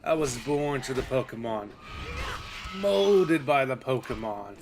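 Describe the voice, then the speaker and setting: A man doing a rough impression of a menacing, grandiose masked male movie villain, with slow theatrical declarations. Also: medium pitch, sing-song, music in the background. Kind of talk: mock impression during a game stream.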